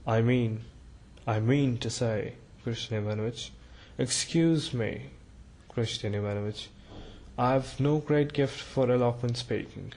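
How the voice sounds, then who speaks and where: A man's voice: mid-range voice, unhurried, darkish tone. A man reading a storybook, voicing a timid, awkward male civil servant who stammers and hesitates. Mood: halting, earnest.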